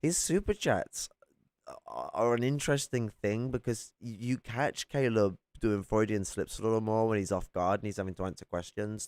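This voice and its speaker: Man, casual swearing chat, deep smooth voice, dry close sound. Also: darkish tone, no room sound. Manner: rambling, swears freely, many restarts. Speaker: streamer reacting to a clip.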